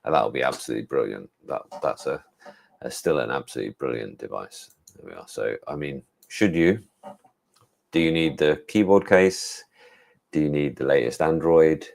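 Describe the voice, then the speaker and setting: A man with an English accent runs a relaxed tech gadget livestream, thinking out loud in a rambling way full of fillers and restarts. He speaks at a moderate pace in a gravelly, darkish, rumbling low voice.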